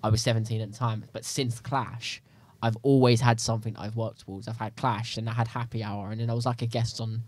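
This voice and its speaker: Young man, podcast guest, fast, rambling, animated, medium pitch. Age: young adult. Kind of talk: casual chat.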